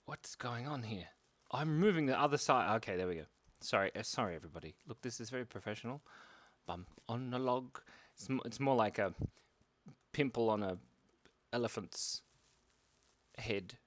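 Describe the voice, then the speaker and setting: Hosting a kids' drawing livestream, this man uses an expressive mid-range voice at a moderate pace, with long pauses. His chat is casual and playful, rambling along with jokes at his own expense.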